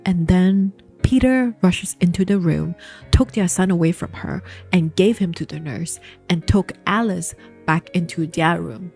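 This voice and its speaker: A woman's voice: on the low side, a little slow, gravelly, a little mellow, husky, soft background music. A woman hosting a casual storytime, retelling a novel in a chatty, emphatic way and talking straight to her viewers. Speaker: book storytime host.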